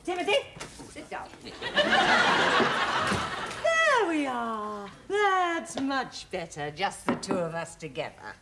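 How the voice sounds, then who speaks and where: A woman's voice: on the high side, wildly swooping pitch, slow, pauses often, heavy background noise, exaggerated voice. An actress playing a bossy, fussy older mother in a studio sitcom, with a sing-song delivery. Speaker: domineering mother. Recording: studio audience laughter. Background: loud audience laughter.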